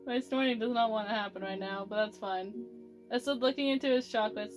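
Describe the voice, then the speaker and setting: A woman's voice: a little high, soft background music. Giggly woman reading a story aloud. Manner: giggly, halting, swears casually. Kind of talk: casual read-aloud of fan fiction.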